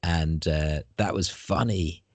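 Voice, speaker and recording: A man's voice: sits low, slow pace, slightly rough, dry recording. A man in casual conversation, talking in a rambling, discursive way with the odd swear word.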